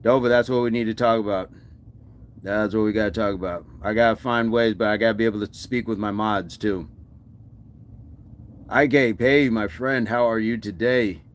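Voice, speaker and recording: Encouraging low-voiced fitness host. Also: male voice, steady tone, moderate pace. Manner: encouraging, reads viewer comments aloud. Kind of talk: casual livestream chat.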